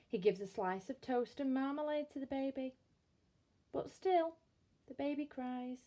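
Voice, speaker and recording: A woman reading a bedtime story aloud in a slow, expressive storytelling manner. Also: high-pitched.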